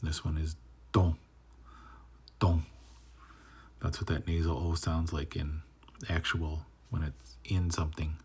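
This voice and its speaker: A man with a very deep, low voice gives a relaxed spoken lesson on reading. He talks slowly and breaks words into syllables, repeating each one, and often lets the word endings fall to a near whisper. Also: slightly rough. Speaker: language teacher.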